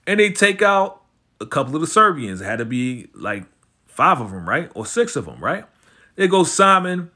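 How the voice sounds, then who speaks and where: Animated man recapping a TV episode. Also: on the high side, normal speed. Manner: animated slangy retelling, acting out characters' lines.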